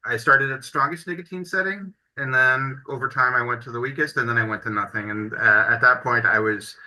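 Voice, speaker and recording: Man, casual group chat, loose filler-heavy talk, very bright sharp tone. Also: mid-range voice, brisk, poor audio. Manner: relaxed, chatty, many "like" and "you know" fillers.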